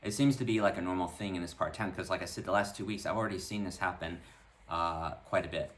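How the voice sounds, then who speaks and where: Low-voiced man telling a story. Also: quick pace. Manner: animated retelling, full of "like" and restarts. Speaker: vlogger. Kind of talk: casual storytelling to camera.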